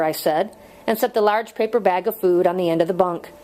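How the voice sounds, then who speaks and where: A woman narrating a novel chapter aloud in a steady, measured reading voice. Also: fairly low pitch, rough recording. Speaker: audiobook reader. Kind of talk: audiobook narration.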